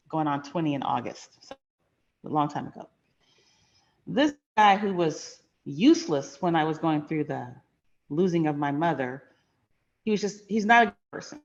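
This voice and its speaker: A middle-aged woman who hosts a finance channel tells a personal story, frank, emphatic and conversational. Her voice is low and the audio is dull.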